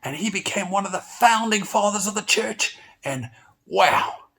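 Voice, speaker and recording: A man with a somewhat high voice tells a Bible story to children. He is playful and animated and exclaims often as he goes. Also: moderate pace. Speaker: children's church teacher.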